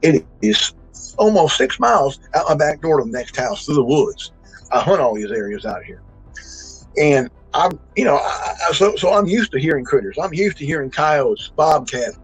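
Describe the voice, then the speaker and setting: A man's voice: on the high side, sing-song, moderate pace, husky, soft background music, low-quality recording. A man, telling a true encounter in a folksy, rambling way full of restarts and emphatic bursts. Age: 60s. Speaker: eyewitness storyteller. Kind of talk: casual spoken storytelling.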